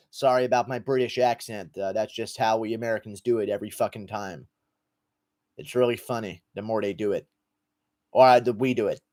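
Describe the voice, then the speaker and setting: A man's voice: fairly low pitch, moderate pace, darkish tone. A man hosting a casual livestream, thanking donors and giving loose, profane takes in a rambling, laid-back way. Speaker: livestream host reading donations.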